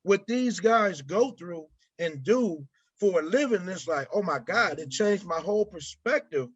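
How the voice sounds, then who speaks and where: A man with a high voice tells an animated, self-mocking story in an interview. The sound is dry and a little dull, as if heard through a muffled mic. He keeps his listeners in on the joke. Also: measured pace, slightly rough, no room sound. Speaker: creator of the film, youth football coach.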